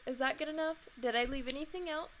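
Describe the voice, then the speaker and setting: A woman reading aloud, voicing an excited young girl who lectures in a raised, emphatic voice. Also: high voice, quick pace, slight background noise. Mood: eager.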